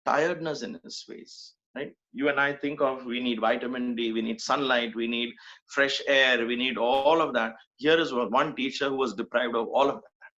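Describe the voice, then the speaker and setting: A man's voice: mid-range voice, fairly bright tone. A middle-aged man from Mumbai, giving an earnest devotional talk full of repetition and rhetorical questions. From Mumbai, India. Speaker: spiritual speaker. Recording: dull lo-fi recording.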